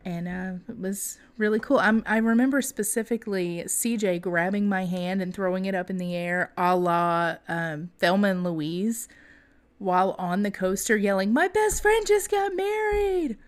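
A young woman co-hosting a podcast, telling a story in a casual, animated way with laughter. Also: on the low side, normal speed, smooth. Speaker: podcast co-host.

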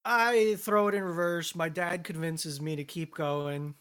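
A man with a fairly high voice talks casually and tells a story at a relaxed pace. He recounts events one step at a time. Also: measured pace, smooth. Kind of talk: casual chat.

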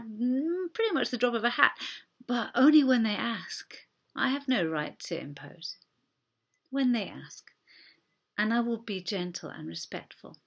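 A woman's voice: a little high, fairly bright tone. A woman pastor giving a sermon in an earnest, conversational way, acting out short quoted exchanges.

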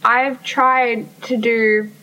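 A woman's voice: fairly high pitch, level tone, drawn-out words, sharp tone, far from the mic, slight background noise, rough recording. A young woman in casual conversation, speaking candidly, swearing freely and acting out what people said to her. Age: young adult. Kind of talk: casual chat.

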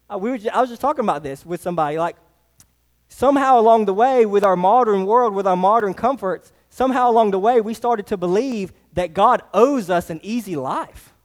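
A high-pitched man preaches to his congregation. He is emphatic, repeats key phrases and keeps asking rhetorical questions. His voice rings with the long reverb of a church hall. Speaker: pastor. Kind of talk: sermon. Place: church sanctuary.

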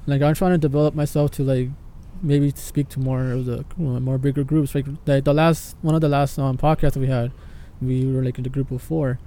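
A man's voice: mid-range voice, steady tone, fairly quick, few pauses, warm tone. A young man co-hosting a podcast, speaking hesitantly and filling his sentences with "like". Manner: hesitant, full of "like" and restarts. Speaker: podcast co-host. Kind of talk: casual podcast chat.

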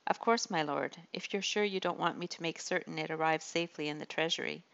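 A woman's voice: deep voice, brisk, gravelly, a bit bright, muffled recording. A woman reading as a dry, sarcastic guard captain. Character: stern, dry royal guard captain, man.

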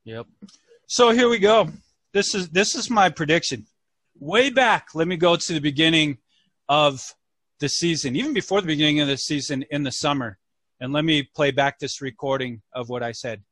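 On a casual podcast, a co-host whose voice sits on the high side tells a lengthy story at a moderate pace, animatedly voicing its characters in shifting voices. The recording is dry.

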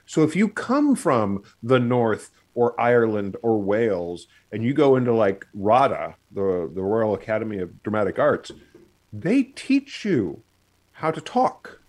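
A man's voice: on the low side, big pitch swings, unhurried, a little mellow. A man co-hosting a casual chat on a video call, explaining with many fillers and restarts. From United States. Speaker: podcast co-host.

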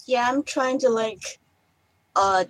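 A woman's voice: fairly high pitch, slow pace, a bit bright. A woman playing in a tabletop game over an online call, speaking hesitantly with many fillers. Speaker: player. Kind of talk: casual tabletop play.

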